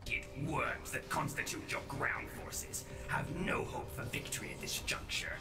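An actor voicing a sneering male dark elf pirate raider in an animated web series, with a hissing, raspy whisper and pirate flourishes. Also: normal speed, close to an everyday voice. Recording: clip audio with music bed.

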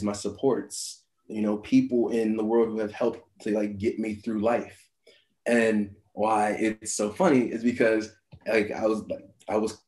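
A man, a meditation teacher, telling a personal story in a dharma talk, halting, with many fillers and restarts, laughing often. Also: medium pitch, darkish tone, echoey room.

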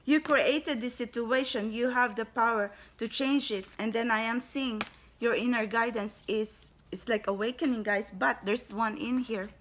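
A woman doing a spiritual card reading, her voice bright and a little high. She talks in a gushing, exclamatory way, calling her viewers guys and bursting up in excitement. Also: normal speed. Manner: effusive, exclaims and repeatedly says guys. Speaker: tarot card reader.

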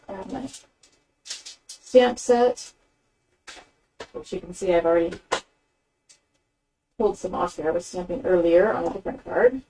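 A woman's voice: lowish voice, measured pace, pauses often, dark tone, slightly rough, distant mic, rough recording. Chatty woman demonstrating crafts, off-mic. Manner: chatty, rambling with fillers, narrating her hands-on work. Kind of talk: casual craft tutorial. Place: craft table indoors.

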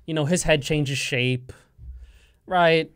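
A man's voice: on the high side, slow, smooth. A man co-hosting a college radio sports show, talking in a casual, joking and opinionated way, making firm predictions. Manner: animated, joking, speaks in absolutes. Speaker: co-host.

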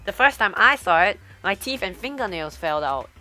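A woman's voice: medium pitch, animated, moderate pace, sharp tone, faint music behind, pitched above the performer's own voice. A woman voicing playful little robot bear cubs in a bouncy, teasing way while reading a game aloud.

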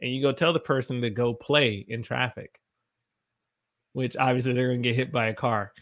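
A man's voice: mid-range voice, fairly even intonation, normal speed, a bit bright. Brief: American male English teacher, casual livestream from a home room, jokey, reads chat aloud. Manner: playful, jokey, laughs often; reads viewer comments aloud.

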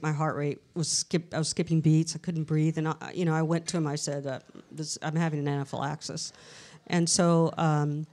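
A middle-aged woman, a paranormal researcher, telling anecdotes in a casual live interview and acting out the dialogue in them. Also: deep voice. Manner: chatty, tells anecdotes with lively quoted dialogue. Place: historic castle hotel event room.

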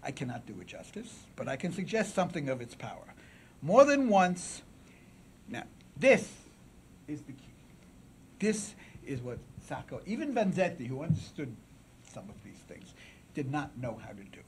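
A man giving a public lecture at a symposium, with dramatic swings from loud declaiming to a near-whisper, and asides to the audience. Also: mid-range voice, sing-song, fairly quick, a little hiss or hum. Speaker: symposium speaker.

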